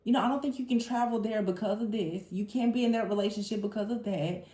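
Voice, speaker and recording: A woman giving a tarot reading to her viewers in an animated, exasperated way, mimicking the people she talks about. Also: medium pitch, fast talker. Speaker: tarot reader. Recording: roomy echo.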